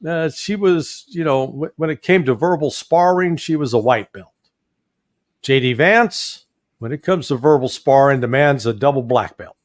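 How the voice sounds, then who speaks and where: A man's voice: medium pitch, expressive, moderate pace, dry recording, clean studio sound. A man with a Midwestern American accent, a guest commentator with a folksy, sardonic manner and frequent chuckles.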